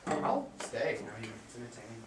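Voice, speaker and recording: A man's voice: mid-range voice, huge pitch swings, moderate pace. A young man, a student guest, talking shyly and putting himself down in casual chat. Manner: self-deprecating, shy. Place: radio studio. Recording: echoey room, distant mic, background noise.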